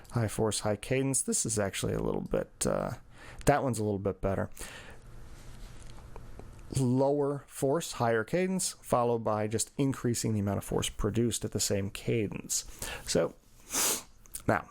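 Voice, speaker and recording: A man's voice: on the low side, gravelly, darkish tone. A cycling coach talking through training data charts in a screen-share lesson, explaining as he goes with many fillers.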